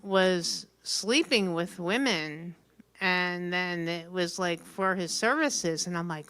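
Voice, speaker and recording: Brash bright-voiced woman doing stand-up. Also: fairly low pitch, slow, clear, resonant tone, no echo. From New Jersey. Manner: blunt, brash storytelling. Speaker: open mic comedian. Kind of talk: stand-up comedy set. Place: small venue open mic.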